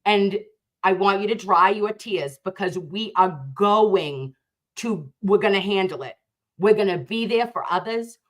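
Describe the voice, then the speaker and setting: A woman's voice: mid-range voice, a little slow. A woman hosting a livestream, reading viewer comments aloud and speaking fervently, with emphatic repeated phrases.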